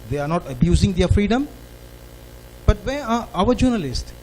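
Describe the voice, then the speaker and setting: A man with a Malaysian English accent stands at a forum microphone and pushes his questions with earnest emphasis. His voice sits a little higher than most men's. Faint room noise hums behind him. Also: very animated, normal speed, darkish tone, poor audio. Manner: earnest, emphatic, rising to stress points. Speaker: audience member asking a question.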